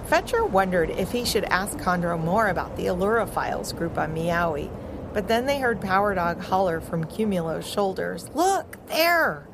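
A woman co-hosting a podcast, narrating a children's story in a slow, expressive and playful way. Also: fairly low pitch, creaky, noisy background. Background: music.

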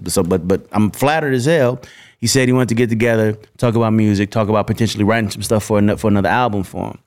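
A male guest telling anecdotes in a casual, animated way. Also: fairly low pitch, fast. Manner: animated, acts out voices. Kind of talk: casual storytelling.

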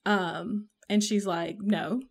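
A woman from the Southern United States with a Southern accent co-hosts a podcast, casually reviewing a book she read, rambling with plenty of fillers and laughing often. Her mid-range voice is a bit bright, with lively intonation and a measured pace.

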